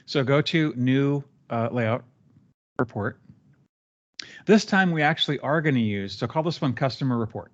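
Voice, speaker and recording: Guy walking a trainee thru software steps, easygoing, kinda muffled call audio. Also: medium pitch, normal speed, long pauses. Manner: relaxed, talks a trainee through steps with fillers. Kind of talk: live screen-share training session.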